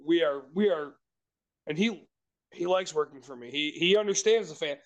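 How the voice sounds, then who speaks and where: A man with a high, light voice tells a story in loose, rambling fashion. He restarts sentences, swears casually and talks like he's among friends on a casual podcast. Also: moderate pace, muffled recording. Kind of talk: casual chat.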